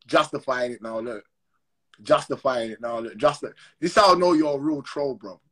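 This man, ranting on Instagram Live from his phone, sounds sharp at a mid-range pitch and normal speed. Angry and full of slang, he keeps repeating his call-outs in a confrontational livestream rant.

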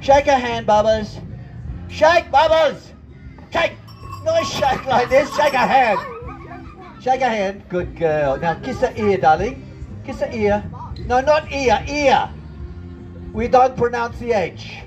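A man with a very high voice runs a comic children's show. He bosses his volunteers around in playful, theatrical patter, and faint music plays under him. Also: animated, slow pace. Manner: bossy, theatrical showman banter. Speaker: children's entertainer. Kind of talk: comic audience-participation patter. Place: outdoor festival stage.

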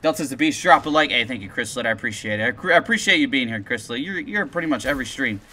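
A young man chatting on a live gameplay stream, excitable and profane, telling stories in slangy talk. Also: medium pitch, fast, slight background noise. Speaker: gaming streamer.

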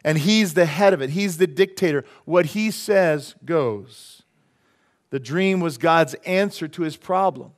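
Folksy preaching man, slightly high voice. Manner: casual, folksy preaching with quick asides. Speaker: pastor. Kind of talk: sermon. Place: church sanctuary.

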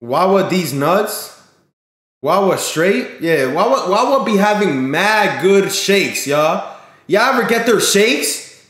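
A man's voice: sits high, big pitch swings, slow, a bit bright, reverberant. A man live streaming in casual chat, slangy and talking straight to his viewers, often repeating himself.

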